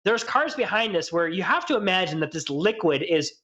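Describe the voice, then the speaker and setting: High-voiced young man telling stories. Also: dull audio. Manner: animated, profane, quick bursts of laughter. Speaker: podcast co-host. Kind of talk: casual storytelling chat.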